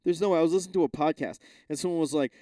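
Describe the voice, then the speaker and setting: A man hosting his own podcast, talking off the cuff in a loose, profane ramble that keeps doubling back on itself. His voice sits a little high but sounds mellow and warm. The room is dry and close, with no echo. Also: very fast. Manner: rambling, profane, self-interrupting. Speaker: podcast host. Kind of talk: casual solo rant.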